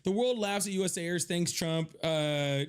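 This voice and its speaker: A man's voice: sits high, moderate pace, clear, resonant tone. A young man hosting a casual livestream from his home office, chatting with viewers, thanking them by name and swearing freely. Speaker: livestream host.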